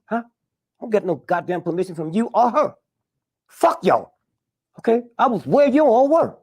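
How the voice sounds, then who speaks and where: An older man, telling stories in an interview with a blunt, profane manner and a husky, gravelly voice. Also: high voice, big pitch swings, normal speed, a little mellow. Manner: blunt, profane, punctuating with "huh?". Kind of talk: candid storytelling interview.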